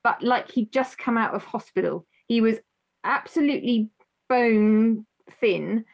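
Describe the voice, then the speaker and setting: A woman hosting a podcast, telling a story in a halting way with many restarts. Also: fairly high pitch, gravelly, lo-fi sound. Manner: halting, many restarts, moved close to tears. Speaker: podcast host. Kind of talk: emotional storytelling in conversation.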